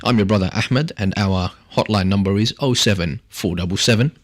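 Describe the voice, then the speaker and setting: A man with a slightly low voice hosts a casual radio talk show from the studio. He rambles along in a jokey way and laughs often. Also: fairly quick.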